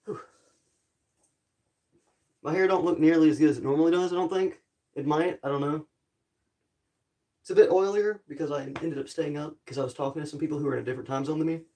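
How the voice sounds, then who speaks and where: A man's voice: on the high side, normal speed, pauses often, dark tone. A young man chatting casually to viewers on a live stream, rambling and apologetic, with a groggy morning voice. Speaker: livestreamer. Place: home in a rural area.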